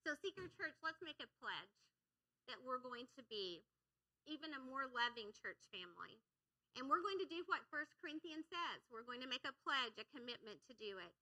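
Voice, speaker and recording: A woman's voice: high voice, big pitch swings, normal speed, pushed and bright, rough recording. A woman giving a sermon in a church, energetically coaxing the congregation to call back and repeat lines. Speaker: church speaker. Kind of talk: sermon with audience call-and-response. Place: church sanctuary.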